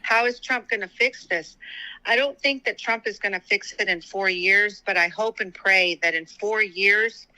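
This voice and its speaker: A tired-sounding woman guest talks politics casually on a show, her bright, forceful voice at medium pitch and normal speed. She rambles heatedly, stopping and restarting sentences and using lots of fillers, captured on a low-quality recording.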